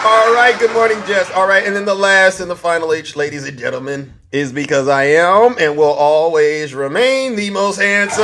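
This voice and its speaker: A man with a high voice hosts a social media livestream. He boasts theatrically, chuckles often and stops to greet viewers by name. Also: fairly bright tone. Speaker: livestream host. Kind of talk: TikTok live commentary.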